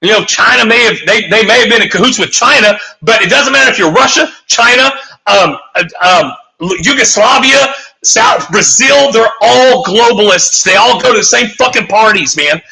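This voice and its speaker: Guy ranting hard, swears a lot, high bright voice, keeps restarting. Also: normal speed, creaky, low-quality recording. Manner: profane, emphatic, rambling with restarts. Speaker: guest. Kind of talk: heated conspiracy rant.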